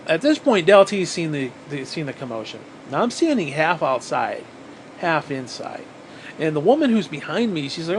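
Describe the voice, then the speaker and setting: A man telling a story casually, animated, swearing often and repeating phrases for emphasis, sounding tired. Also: on the high side, normal speed, a little hiss or hum, rough recording. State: physically exhausted.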